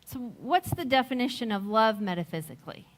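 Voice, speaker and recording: A middle-aged woman giving a sermon, slow and reflective, telling a personal story with gentle laughs. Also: fairly high pitch, expressive. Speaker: speaker at a Sunday service.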